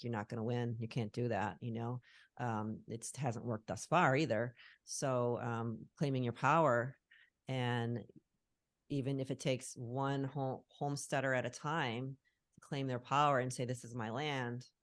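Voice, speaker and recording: A woman's voice: very deep voice, dry recording. A middle-aged woman talking earnestly as a guest on a call, reflective and searching for her words. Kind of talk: casual conversation on a call. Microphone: call recording.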